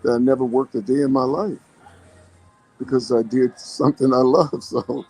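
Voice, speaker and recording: An older man chats casually on a podcast, spinning folksy stories from his working life. He laughs easily and talks in a relaxed, plain way. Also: medium pitch, moderate pace, slightly rough, soft background music, rough recording. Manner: storytelling, folksy, laughs often. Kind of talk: casual chat.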